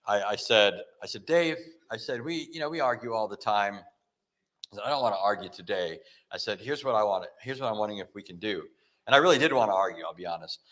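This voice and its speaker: A man's voice: fairly low pitch, expressive, quick pace, a bit bright. A man giving a talk on apologetics, telling a story and acting out the dialogue with frequent restarts. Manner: frequent self-corrections and restarts. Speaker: Christian apologetics speaker.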